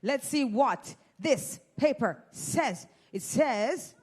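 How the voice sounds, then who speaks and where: Jamaican woman MC, high voice, teasing crowd-work host on a handheld mic. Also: expressive, takes it slowly, a little mellow, breathy edge. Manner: playful, teasing, exclamatory. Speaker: event host. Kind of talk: lively audience giveaway hosting. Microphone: handheld microphone.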